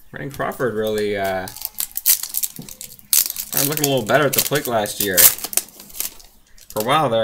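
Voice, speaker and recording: A card collector opens trading card packs, casually reading off player names and teams with laid-back asides. His voice is on the low side, bright and forceful, with slight background noise.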